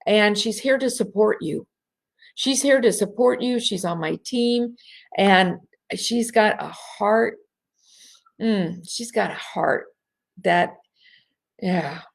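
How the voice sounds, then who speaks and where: Slow, bubbly woman hosting a live session. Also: a little high. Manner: bubbly, laughs often, speaks directly to the audience; soft and slow when guiding breathing. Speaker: host of an online women's gathering. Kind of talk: live-streamed coaching talk with guided breathing. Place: at home.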